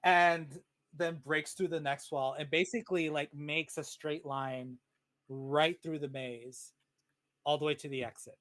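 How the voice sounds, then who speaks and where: Slow, higher-voiced man narrating a game. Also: steady tone, a bit bright. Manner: unhurried storytelling with many fillers. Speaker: dungeon master. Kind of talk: narrating a tabletop game over a video call.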